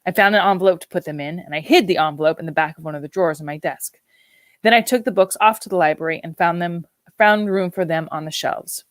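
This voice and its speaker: A woman narrates a novel in a measured, reflective audiobook reading. Her voice sits fairly low and is recorded close and dry, with no room echo. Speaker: audiobook reader.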